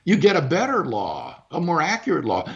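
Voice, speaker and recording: A man's voice: fairly high pitch, wildly swooping pitch, normal speed, creaky. Emphatic academic man on a dull clip. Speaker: philosopher in a debate. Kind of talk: debate discussion.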